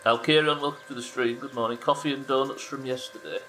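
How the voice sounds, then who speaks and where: A man's voice: mid-range voice, fairly even intonation, quick pace, sharp tone, a little hiss or hum. A British man streaming a driving game, chatting casually and making dry jokes with his viewers. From Britain. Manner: dry, joking banter with chat. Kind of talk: casual live-stream commentary to chat.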